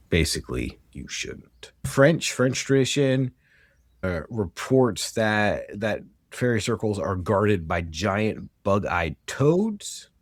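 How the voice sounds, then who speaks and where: A man's voice: fairly low pitch, no room sound, studio quality. An American man co-hosting a podcast, talking casually from his notes and often stumbling and correcting himself mid-sentence. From United States. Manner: rambling, self-correcting, stumbles over words. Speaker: podcast co-host. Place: home with dogs nearby.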